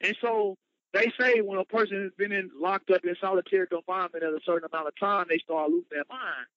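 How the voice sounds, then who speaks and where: A man's voice: high voice, steady tone, quick pace, no room sound. A man, a motivational speaker, telling his personal story with emphatic, dramatic retelling. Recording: dull lo-fi, dry sound.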